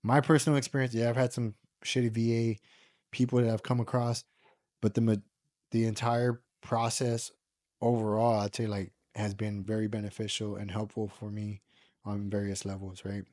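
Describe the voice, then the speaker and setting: This is a man from the United States, speaking in a low-pitched voice. He rambles through a personal story in casual podcast conversation, leaning on fillers and tossing in the occasional curse. The sound is close and dry, with no room around it. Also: level tone, moderate pace, a little mellow, no room sound. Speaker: podcast guest.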